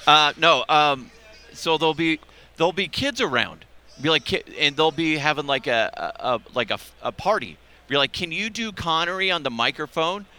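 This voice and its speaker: A man's voice: fairly high pitch, lively intonation, moderate pace, pushed and bright, clear, resonant tone. A man hosting a podcast in casual chat, loose and profane, laughing at his own jokes. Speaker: podcast host. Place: convention radio row.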